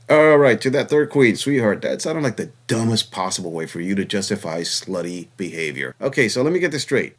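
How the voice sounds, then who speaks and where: A man hosting reaction commentary, sarcastic and mocking in a lecturing tone. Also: fairly low pitch. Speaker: channel host reacting to clips.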